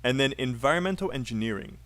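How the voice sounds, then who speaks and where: A man's voice: mid-range voice, lively intonation, fast, a bit bright. A man teaching a live online English speaking class, patiently coaching a student's pronunciation.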